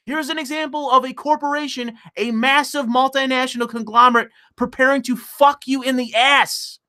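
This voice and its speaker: A man's voice: very high voice, normal speed, few pauses, pushed and bright. A man ranting sarcastically and with profanity on a live stream of political commentary, sometimes laughing at his own point.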